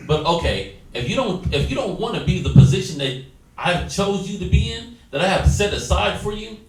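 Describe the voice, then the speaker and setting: A man's voice: sits high, expressive, normal speed. A man teaching a Bible study class, exhorting his listeners and acting out quoted dialogue. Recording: echoey room, distant mic, faint noise.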